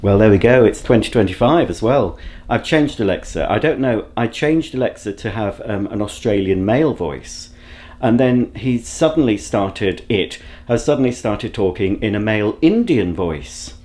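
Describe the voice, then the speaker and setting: At home indoors, a vlogger rambles to a handheld camera held at arm's length, full of self-mocking asides. His voice is lowish, animated and a little mellow, at a normal speed.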